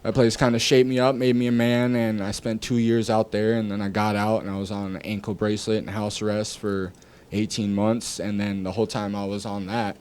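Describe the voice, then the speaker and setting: A young man, a rapper guest on a podcast, telling a story from his past in a loose, animated way, cursing freely and acting out what people said. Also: fairly low pitch, a little fast, clean tone. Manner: animated storyteller, curses freely, acts out dialogue. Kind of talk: casual storytelling interview.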